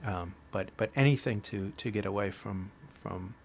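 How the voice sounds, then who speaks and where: A man's voice: on the low side, moderate pace, vocal fry, a little mellow, a little hiss or hum. A man hosting a casual interview who rambles a little and asks his guest questions. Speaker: podcast host.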